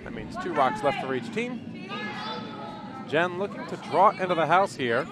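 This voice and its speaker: A man's voice: fairly high pitch, very animated, measured pace, over loud music, a loud crowd. A man calling play-by-play on a livestream with a dry wit, steering talk back to the game. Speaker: curling play-by-play commentator. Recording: noisy background.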